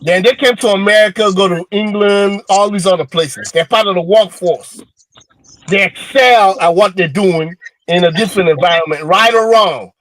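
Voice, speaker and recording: A man arguing heatedly on a panel, stumbling over fillers and then shouting, swearing and daring others to bet. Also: high voice, moderate pace, low-quality recording. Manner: swears and dares bets. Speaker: panel guest. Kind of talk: heated debate.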